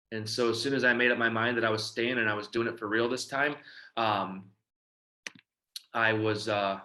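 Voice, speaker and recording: A man speaks in a fairly low, bright and forceful voice. He tells a personal testimony haltingly, leaning on fillers and letting his words drop quiet at the ends of phrases. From Detroit, Michigan. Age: 30s. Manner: halting storytelling, many fillers, often trailing quiet. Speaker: recovery outreach speaker.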